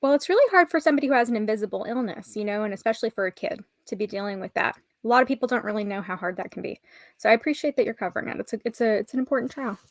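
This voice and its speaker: A woman's voice: fairly high pitch, lively intonation, very fast, no room sound. A woman guest on a casual live stream, speaking earnestly and with sympathy.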